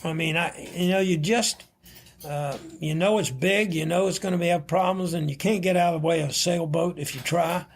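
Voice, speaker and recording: Gravelly-voiced older man telling stories. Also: on the high side, normal speed, slight background noise. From United States. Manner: chuckling anecdotal storyteller, acts out dialogue. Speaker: retired vice admiral, interview guest. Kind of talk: storytelling in a podcast interview.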